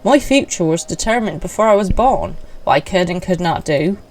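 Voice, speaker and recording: A woman's voice: lowish voice, animated, normal speed, darkish tone, soft background music, close to an everyday voice, low-quality recording. A woman voicing a self-pitying young noble man, delivered in a theatrical, overwrought way. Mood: dramatic.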